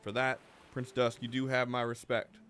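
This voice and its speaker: A man's voice: mid-range voice, monotone, normal speed, a bit bright, close to an everyday voice. A game master voicing a courteous male town mayor who speaks politely and formally. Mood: gracious.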